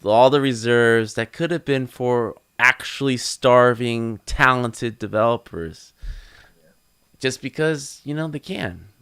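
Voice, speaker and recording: Man, podcast co-host, blunt ranting, smooth resonant voice. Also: medium pitch, takes it slowly, a bit bright. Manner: blunt, ranting, laughs between points. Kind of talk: casual roundtable chat.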